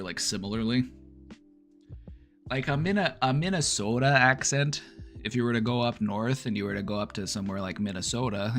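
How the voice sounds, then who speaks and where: Low-voiced man chatting casually. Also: a bit bright. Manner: rambling, filler-heavy, easygoing. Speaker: streamer host. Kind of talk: casual chat.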